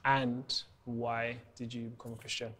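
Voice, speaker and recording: A woman hosting a casual interview, asking lively, teasing questions. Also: extremely low pitch, a little slow. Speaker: host.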